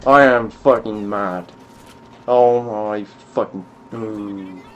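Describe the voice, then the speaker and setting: A man's voice: fairly low pitch, fairly even intonation, drawn-out words, a bit bright, dull audio. A young man giving gameplay commentary, muttering to himself and swearing at the game. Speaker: gaming YouTuber.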